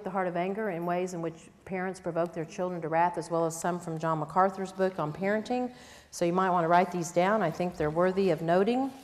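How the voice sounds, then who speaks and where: A woman's voice: medium pitch, darkish tone. An older woman teaching a conference sermon on parenting, earnest and plain-spoken, with quoted asides. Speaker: conference speaker. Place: church conference hall. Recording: long reverb in a hall.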